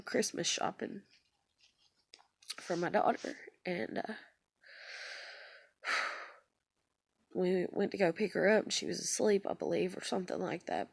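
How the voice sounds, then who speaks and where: Gravelly-voiced woman, rambling confession. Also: mid-range voice, no room sound. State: tearful, voice breaking. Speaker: vlogger. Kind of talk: personal storytelling vlog.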